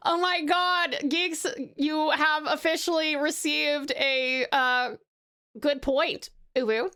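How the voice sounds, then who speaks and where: A woman's voice: high-pitched, very slow, sharp tone. An Australian woman chatting casually with her live-stream chat, rambling and laughing often. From Tasmania, Australia. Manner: giggly, rambling, reacts to chat.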